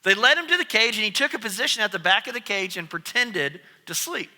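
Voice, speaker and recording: A man preaches in a high, bright, sharp voice, telling his story with lively swings in pitch. His words ring out with a long reverb from a church sanctuary. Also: fairly quick. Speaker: pastor. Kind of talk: sermon.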